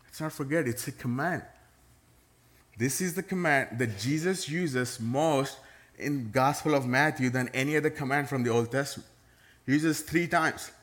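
A man's voice: mid-range voice, a bit bright. A middle-aged man, a pastor preaching a sermon to his church in a conversational way, with touches of playful sarcasm.

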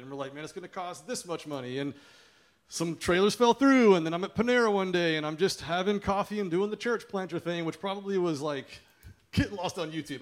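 A man with a somewhat high voice shares a testimony at a church service. He tells it as a lively story and acts out the people in it. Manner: animated storytelling, acting out what others said. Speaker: church planter.

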